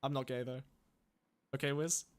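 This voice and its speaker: A man's voice: mid-range voice, little pitch movement, normal speed, clean tone. A young man hosting a podcast, telling rambling, profane anecdotes in casual chat and laughing between stories. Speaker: podcast host.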